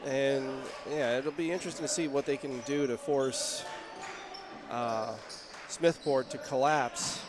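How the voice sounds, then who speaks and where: A man calling a local high school basketball game play-by-play, chatty and getting louder on big plays. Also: steady tone, unhurried, noisy background. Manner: chatty, rises in pitch and volume on big plays. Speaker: play-by-play announcer. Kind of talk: play-by-play commentary.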